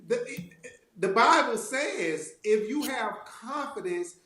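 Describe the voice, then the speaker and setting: A man co-hosting a church talk show, lively and folksy, laughing as he makes his points. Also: extremely high pitch, slow pace, roomy sound. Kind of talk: casual faith discussion.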